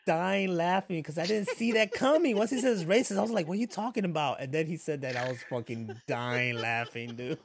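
A man in casual chat who laughs often and tells animated, profane stories. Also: on the high side, moderate pace, creaky, slight background noise.

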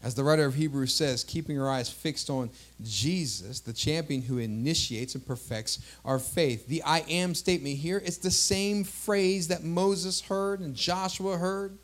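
A man's voice: on the high side, a little slow, few pauses. A man in his thirties, a pastor preaching a sermon emphatically, calling out to the congregation and drawing out key words.

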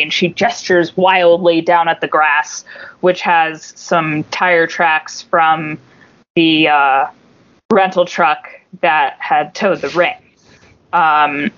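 Woman, podcast co-host, lowish voice, animated storytelling, swears a lot, dull lo-fi sound. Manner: animated, profane, acts out quoted voices. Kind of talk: casual storytelling.

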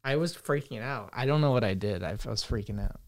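A man's voice: medium pitch, expressive, brisk. A young man co-hosting a casual chat, rambling and swearing with lots of fillers. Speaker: podcast co-host.

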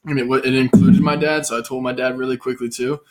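A man's voice: mid-range voice, flat delivery, quick pace, darkish tone. A young man in casual chat, loosely telling a dream story, swearing freely and breaking into laughter. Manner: loose and profane, telling stories with bursts of laughter.

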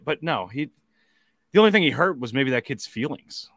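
A man's voice: mid-range voice, very animated, moderate pace, a bit bright, dry recording, clean studio sound. A man co-hosting a casual sports podcast, making wry, joking asides. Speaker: podcast co-host.

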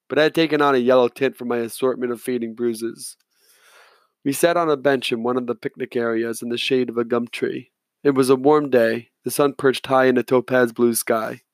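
A man narrating an audiobook in the first person, reading in a measured, steady way. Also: mid-range voice, no echo.

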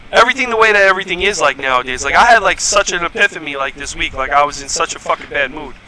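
Heated, bright-voiced New man ranting. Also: fairly high pitch, animated, fast talker, a little hiss or hum, poor audio. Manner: profane, heated storytelling. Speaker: podcast host. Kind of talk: casual podcast rant. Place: home podcast setup.

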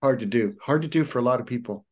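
A male yoga teacher speaks with an earnest, encouraging manner, coaching gently and repeating key phrases to drive them home. His voice sits at an average pitch for a man. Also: fast. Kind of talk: casual podcast conversation.

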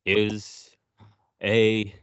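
A man's voice: lowish voice, completely flat delivery, extremely slow, lo-fi sound, heavy background noise. A man casually recapping a horror movie on a podcast, sarcastic and profane. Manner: sarcastic, profane, narrating scenes. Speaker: podcast co-host.

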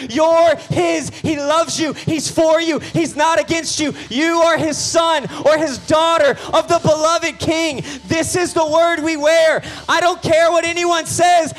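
High-voiced man preaching a sermon. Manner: builds from quiet storytelling to loud, emphatic preaching; acts out biblical voices in quoted lines. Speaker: pastor.

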